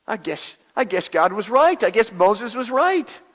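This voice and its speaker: A man's voice: sits high, a bit bright, full character voice. A pastor doing a humble Israelite father. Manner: storytelling, confiding, halting repeats. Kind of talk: first-person dramatic monologue. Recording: long hall reverb.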